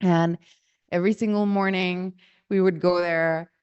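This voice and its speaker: A woman's voice: fairly low pitch, fairly even intonation, measured pace, a little mellow, clean tone, no echo. A young woman from Guatemala, telling a family story in a casual, rambling way and often correcting herself mid-sentence. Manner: rambling, self-correcting, acts out quoted voices. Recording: dull lo-fi audio.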